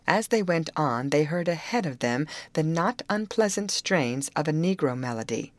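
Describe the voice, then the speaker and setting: A woman narrating a novel as an audiobook in a measured storytelling manner. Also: sits low, animated, no echo.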